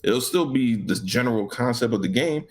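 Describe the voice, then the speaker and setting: A man's voice: mid-range voice, animated, moderate pace, darkish tone, husky. A man co-hosting a gaming podcast, ranting casually with lots of profanity and acted-out back-and-forth. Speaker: podcast co-host.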